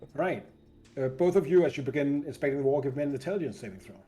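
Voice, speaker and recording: A man's voice: mid-range voice, animated, rapid-fire, warm tone. A man running a tabletop game as game master, narrating with frequent hesitations and restarts. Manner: hesitant, many fillers and restarts.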